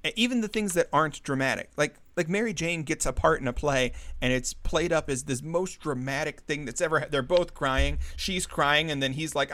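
A man's voice: fairly high pitch, a little fast, hardly any pauses, a bit bright. A man chatting casually on a podcast, retelling a story with frequent laughs and acting out the characters' lines in a raised voice. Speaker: podcast co-host. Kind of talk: casual chat recapping a comic story.

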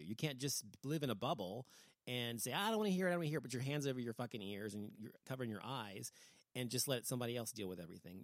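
Fast-talking, profane man ranting. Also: lowish voice, dry recording. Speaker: podcast host. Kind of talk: casual opinionated chat.

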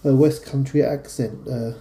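A man with a London accent hosting a podcast, chatting in a relaxed, rambling way between readings. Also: medium pitch, a little slow. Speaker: podcast host. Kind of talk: casual podcast chat and poem reading. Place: studio.

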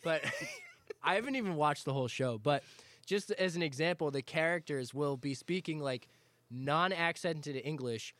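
A man's voice: a little high, moderate pace, fairly bright tone, dry recording. A young man in casual chat, easygoing and explaining his points.

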